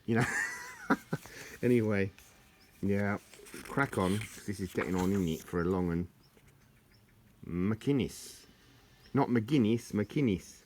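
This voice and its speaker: Jokey low-voiced man rambling. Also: takes it slowly, long pauses, slight background noise. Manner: joking, chatty, laughs at his own jokes. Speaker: vlogger leafing through an old tartan book. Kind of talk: rambling casual chat.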